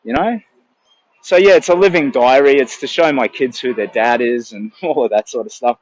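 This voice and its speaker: A man's voice: mid-range voice, moderate pace, dry recording. An older Australian man vlogging outdoors in a city on a phone camera, talking in a rambling, emotional way, with hesitant restarts. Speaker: charity walker vlogger. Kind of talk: casual live-stream chat. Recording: dull lo-fi phone sound.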